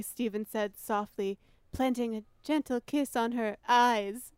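A woman co-hosting a comedy podcast, reading a sappy story aloud slowly and laughing at it. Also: a little high, fairly even intonation, darkish tone, smooth. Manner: giggly, reads slowly with laughing asides.

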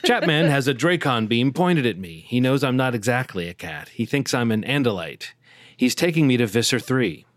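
A man reads a novel aloud to his co-hosts and brings the lines to life. His pitch swings widely from line to line. The sound is close and dry, with no room around it. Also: expressive, moderate pace, dry recording. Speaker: podcast co-host reading aloud. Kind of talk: casual read-aloud with acted dialogue.

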